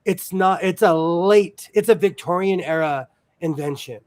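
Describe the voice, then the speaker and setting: A man's voice: high voice, a little slow, darkish tone. A man from the US West Coast hosting a casual sewing chat, rambling and laughing often as he tells stories. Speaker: sewing stream host.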